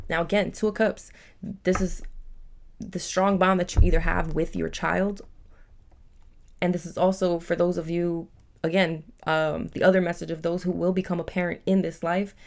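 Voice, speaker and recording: A woman giving a casual, chatty tarot reading, warm and emotional, with many fillers. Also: fairly low pitch, little pitch movement, a little slow, long pauses. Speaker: tarot reader.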